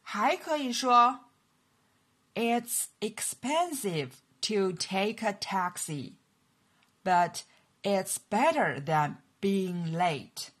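A woman teaches an English lesson with a Mandarin Chinese accent. Her voice is slightly husky and moves lively up and down. She speaks slowly, repeating each model sentence clearly for learners. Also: medium pitch. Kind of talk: language lesson narration.

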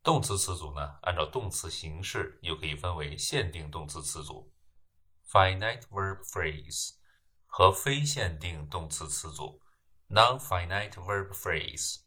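Slow, deep-voiced male grammar lecturer. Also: animated, sharp tone, slightly rough. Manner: measured, explains terms then reads examples. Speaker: English grammar teacher. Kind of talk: slow lecture narration with read example sentences.

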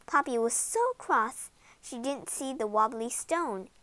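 A young reader with a high, lively voice reads a children's storybook aloud slowly and expressively. She gives each character a voice. The recording is close and dry. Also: dry recording.

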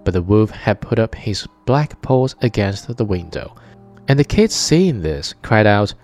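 A man with a low, mellow voice reads a fairy tale aloud in a measured, expressive way. His tone is dark and relaxed. Soft music plays faintly under his narration. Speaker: storyteller.

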